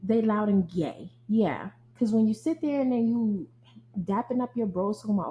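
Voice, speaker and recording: In a casual ranting monologue, a young podcast host vents bluntly and profanely, full of animation, addressing her audience as y'all. She has a mid-range voice at a moderate pace. The audio has its highs cut off and carries slight hiss or hum.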